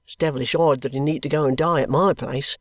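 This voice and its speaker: A reader voicing an idle, touchy young man who speaks in a slow, grumbling way. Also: medium pitch, steady tone, dry recording, clean studio sound, natural voice.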